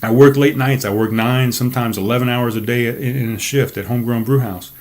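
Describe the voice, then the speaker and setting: A man's voice: mid-range voice, fairly even intonation, fairly quick, darkish tone. A man hosting a solo podcast from his desk, ranting in a fired-up, profane way into a desk microphone. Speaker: podcast host. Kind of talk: casual solo podcast monologue. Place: seated at a desk.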